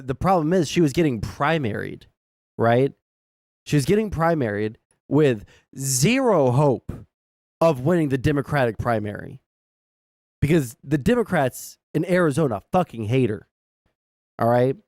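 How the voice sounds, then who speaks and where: A man's voice: on the high side, a little mellow, no echo, clean studio sound. A man streaming casual political commentary, swearing and rambling off the cuff.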